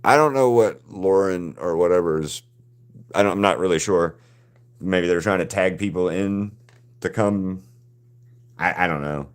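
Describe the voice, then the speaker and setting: A man's voice: low-pitched, clear, resonant tone. A man hosting a live drawing stream, chatting casually with viewers and often restarting his sentences. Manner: halting, frequent restarts and repeated words.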